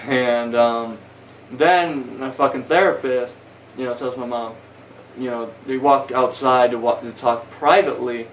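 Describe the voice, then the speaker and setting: A man's voice: mid-range voice, steady tone, unhurried, far from the mic, a little hiss or hum, rough recording. Profane, rambling young man on a phone. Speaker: vlogger. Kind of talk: casual storytelling vlog. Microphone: phone camera.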